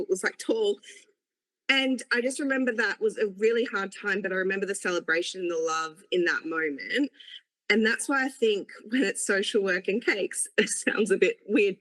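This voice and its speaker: A woman's voice: fairly low pitch, poor audio. A woman, a podcast guest speaking earnestly about her work and life. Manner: warm, earnest storytelling. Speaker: guest, cake maker. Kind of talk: conversational podcast interview.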